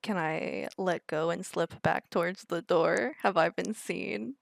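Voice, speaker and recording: Woman player, bit of vocal fry, dry close sound, playful and chatty. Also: lowish voice, unhurried, no room sound. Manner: playful, asks the game master questions. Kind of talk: casual tabletop play.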